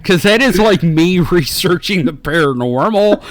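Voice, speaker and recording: Animated, swearing man in his forties. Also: sits high, measured pace, a loud crowd. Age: 40s. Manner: profane, laughing, animated storytelling. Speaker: podcast co-host. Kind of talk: casual comedic chat.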